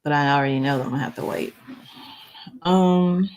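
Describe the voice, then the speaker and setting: A woman's voice: sits low, fairly quick, darkish tone, slight background noise. A woman chatting casually on a livestream, rambling and reading viewer comments aloud. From North Carolina. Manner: rambling, chatty, many "um"s and restarts. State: struggles to read, reads slowly. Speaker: livestream host.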